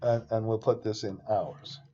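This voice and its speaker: A man giving a casual, rambling lecture on a screen share, excitable and often interrupting himself. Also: lowish voice, unhurried, highs cut off. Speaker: finance instructor.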